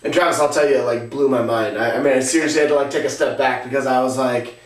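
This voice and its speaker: A man hosting a podcast who tells a story casually, halting often with filler sounds. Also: medium pitch, steady tone. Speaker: podcast host. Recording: roomy, distant from the mic.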